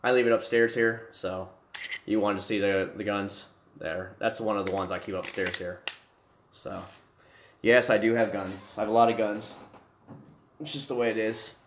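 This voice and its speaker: A man's voice: lowish voice, moderate pace, pauses often, slight background noise. Rambling young man chatting on a livestream. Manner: rambling, restarts often, excitable bursts. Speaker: livestream host. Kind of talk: casual livestream chat. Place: home room with desk and gear.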